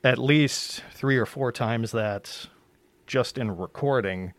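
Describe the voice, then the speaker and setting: A man chatting casually as a podcast guest about narrating an audiobook, blunt and quick to swear. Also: medium pitch, no echo. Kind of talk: casual chat.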